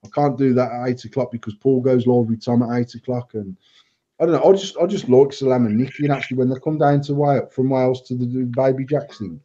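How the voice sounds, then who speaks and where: A man, host of a casual banter show, telling blunt, sweary stories. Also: mid-range voice. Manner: sweary storytelling, lively and blunt. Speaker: host and vape company owner. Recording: dull lo-fi live stream audio.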